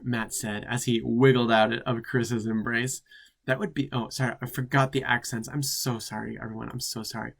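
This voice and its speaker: A man's voice: mid-range voice, little pitch movement, moderate pace, gravelly. Campy drag queen reading with sassy asides. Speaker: drag queen host reading fan fiction. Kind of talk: comedic reading with commentary.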